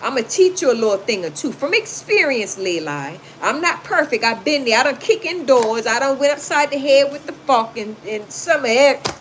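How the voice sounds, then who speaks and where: A chatty woman hosts a casual livestream, reading viewers' comments aloud and answering them with blunt, sassy advice. Her voice sits a little high for a woman. The recording carries clear background noise. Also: animated, normal speed. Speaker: livestream host reading chat. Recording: noisy home recording.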